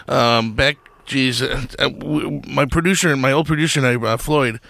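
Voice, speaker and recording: A man who is a guest on a talk radio show and hosts a gaming podcast, chatting in a relaxed, rambling way. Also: mid-range voice, normal speed, creaky. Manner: relaxed, rambling, with many fillers and restarts. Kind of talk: casual radio interview chat.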